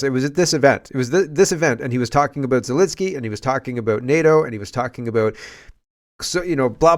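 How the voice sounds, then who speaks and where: A man from Canada hosting a casual political commentary show, chatty and digressive, thinking aloud as he talks. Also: mid-range voice.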